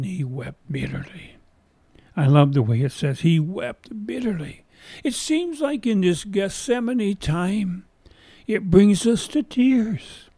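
Mellow-voiced man preaching a story sermon. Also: on the high side, dry recording. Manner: folksy, repeats phrases for emphasis.

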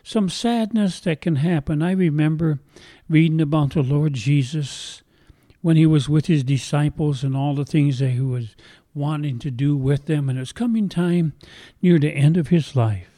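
Older preacher with a husky, dark voice. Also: male voice, fairly high pitch, moderate pace, no room sound. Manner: earnest, emotional preaching with dramatic retelling. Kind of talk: sermon.

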